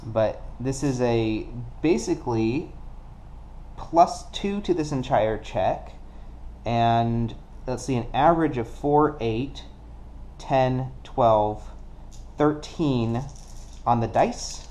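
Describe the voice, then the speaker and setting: A man casually narrating a solo card game play-through, working things out deliberately and counting dice aloud. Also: medium pitch, dark tone. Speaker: board game player.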